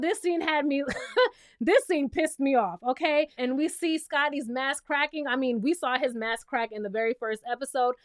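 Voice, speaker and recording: Woman, high voice, sassy and playful, dry close sound, casual TV recap. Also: clean tone, no room sound. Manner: sassy, playful, talks straight to the viewer. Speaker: reality TV recap host.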